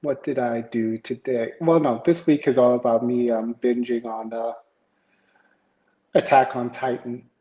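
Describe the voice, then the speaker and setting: Chatting casually with viewers, a livestream tech host reads news stories in a rambling way, full of fillers and shout-outs to people in chat. His mid-range voice is dark, unhurried and fairly even in intonation. He uses an iPad camera and PC at home, and the echoey room gives a dull, lo-fi sound.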